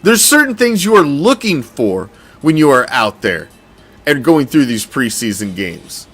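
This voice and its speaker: A man hosting a casual sports commentary show, talking in an animated, profane, rambling way. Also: medium pitch, measured pace, slightly rough, faint music behind. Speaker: host.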